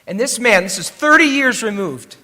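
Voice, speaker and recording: A man giving a sermon as an emotional, rambling storyteller, swinging from loud bursts to hushed passages, on a stage mic at a live event. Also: extremely high pitch, animated, normal speed. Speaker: worship leader giving a message. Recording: live hall with long reverb.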